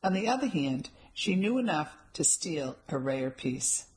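A woman's voice: deep voice, sing-song, a little slow, darkish tone, poor audio. A woman voicing a haughty, gossipy woman who runs a jewelry shop, talking indignantly. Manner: indignant, plowing ahead.

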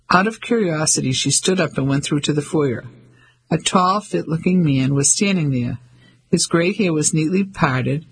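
A man narrating a novel in an even, measured reading. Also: on the high side, husky, rough recording. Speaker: audiobook narrator. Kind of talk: scripted narration.

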